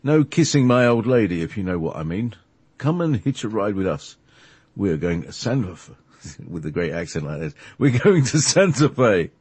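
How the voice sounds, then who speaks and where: A man voicing a laid-back male hippie from the sixties who talks in easygoing slang, with a husky voice. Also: very deep voice, steady tone, moderate pace, dark tone, no room sound, voice pushed down. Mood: mellow.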